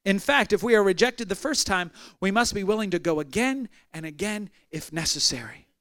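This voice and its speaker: High-voiced pastor preaching with emphasis. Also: male voice, animated, brisk, a bit bright, no echo. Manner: emphatic, builds through repeated phrases. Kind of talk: sermon.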